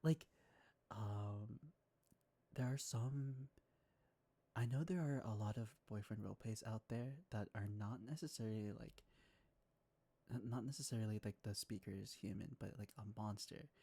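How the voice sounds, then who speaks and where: A Southern American man with a low, mellow, slightly husky voice hosts a laid-back stream chat. He sounds easygoing and laughs often between his thoughts. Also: unhurried. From Southern United States. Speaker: ASMR streamer host. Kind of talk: casual chat.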